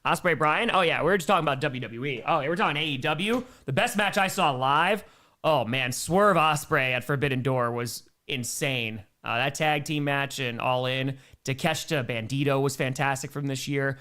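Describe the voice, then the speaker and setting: A man with a mid-range, bright and pushed voice does casual play-by-play on a live stream at a moderate pace. Between plays he chats with viewers and answers their donation messages, calling the action itself in a plain announcer tone.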